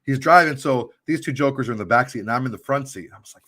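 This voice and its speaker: A man's voice: mid-range voice, fast talker, sharp tone. A man co-hosting a post-game football podcast, telling a long story in a rambling, profane way. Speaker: podcast co-host. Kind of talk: casual storytelling chat.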